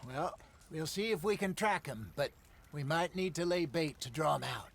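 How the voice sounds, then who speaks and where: An actor playing a seasoned, folksy older outlaw in a video game, with easygoing old-West speech. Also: male voice, fairly high pitch, animated, normal speed, vocal fry. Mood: instructive.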